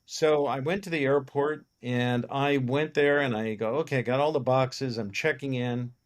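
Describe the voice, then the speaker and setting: This man talks at a normal speed in a medium-pitched voice. A film producer, he shares stories in a relaxed interview, animatedly acting out what the people in them said.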